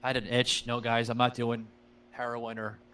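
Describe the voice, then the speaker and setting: A man's voice: mid-range voice, completely flat delivery, normal speed, sharp tone, clear, resonant tone, rough recording. A man hosting a casual podcast, talking loosely with lots of uh fillers, swearing freely and addressing his listeners as guys. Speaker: podcast host.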